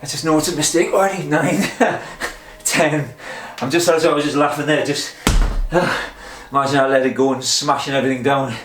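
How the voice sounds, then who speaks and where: A man's voice: a little high, steady tone, fairly quick, reverberant, noisy background. Breathless, self-mocking man counting reps. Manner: chuckling, self-mocking, talks to himself. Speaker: vlogger doing a memory and pull-up challenge. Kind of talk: casual self-talk while exercising.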